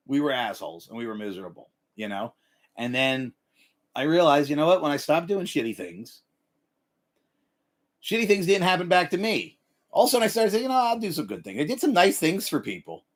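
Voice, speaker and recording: Animated swearing livestream host, man. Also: on the high side. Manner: animated, swearing, breaks into yelled impressions. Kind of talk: profane motivational rant.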